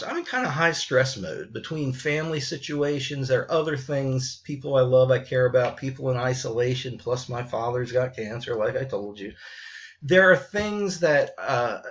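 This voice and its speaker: A man's voice: medium pitch, normal speed, fairly bright tone, muffled recording. A middle-aged man, a college writing teacher, speaking frankly and bluntly to his students in an unscripted message, often restarting his sentences.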